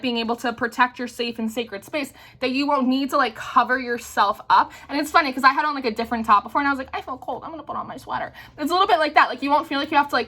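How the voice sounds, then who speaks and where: A woman's voice: on the high side, pushed and bright. A young woman giving a casual, chatty tarot reading, full of "like" fillers and "right?" tags. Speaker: tarot reader.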